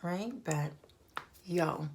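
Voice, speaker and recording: A woman doing a casual, slangy recap of a reality TV episode, animated and chatty. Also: fairly low pitch, drawn-out words, slight background noise. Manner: animated, slangy, shifting into loud quoted voices. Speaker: TV recap vlogger.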